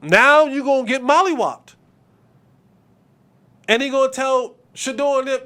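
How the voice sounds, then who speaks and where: This thirty-something man hosts a sports podcast, his unusually high voice sounding pushed and bright. Unhurried and pausing often, he still speaks emphatically, hammering points through repetition and street slang.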